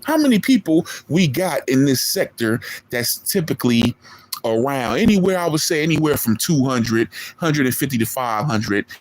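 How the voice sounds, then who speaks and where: A man's voice: medium pitch, sing-song, normal speed, slight background noise. A man, streaming a boastful, profane callout rant at a rival in street slang. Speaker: online streamer.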